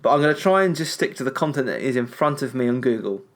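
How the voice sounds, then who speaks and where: A man's voice: medium pitch, lively intonation, fast talker. A tipsy man co-hosting a casual podcast, slurring his words a little and rambling in loose, chatty talk. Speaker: podcast co-host.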